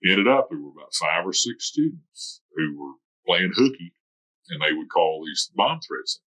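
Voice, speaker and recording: Older man, retired military, very low and bright voice, rambling anecdotes. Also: big pitch swings, moderate pace, low-quality recording. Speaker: interviewee, retired military veteran. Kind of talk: oral history interview.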